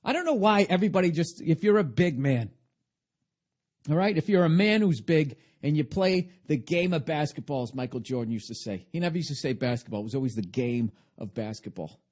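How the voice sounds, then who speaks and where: Profane ranting man, slightly high voice. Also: animated, a little fast, darkish tone. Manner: profane, rambling rant with constant swearing; sarcastic, self-mocking. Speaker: podcast host. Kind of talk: comedic rambling monologue.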